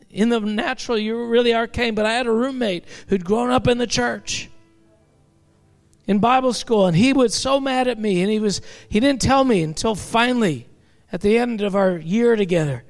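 A man preaching a sermon to a congregation, impassioned and building to shouted peaks. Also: extremely high pitch, moderate pace, soft background music.

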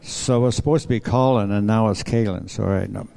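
An older man, a guest pastor, opening his sermon with a gentle joke, halting with many fillers. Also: fairly low pitch, creaky. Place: church before a congregation.

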